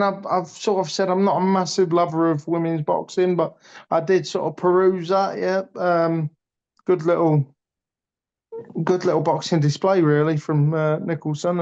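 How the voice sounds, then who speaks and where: A man's voice: sits high, darkish tone. Blunt, passionate man, lo-fi sound. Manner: blunt, passionate, swears freely. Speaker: boxing pundit. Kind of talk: casual podcast chat. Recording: dull lo-fi audio.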